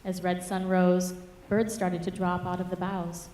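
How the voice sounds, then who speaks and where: A woman mentor reading her own rhyming fable aloud at a public reading, with rhythmic, expressive storytelling. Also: lowish voice, measured pace. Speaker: writing mentor. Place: church hall at a public reading. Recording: echoey church hall from far off.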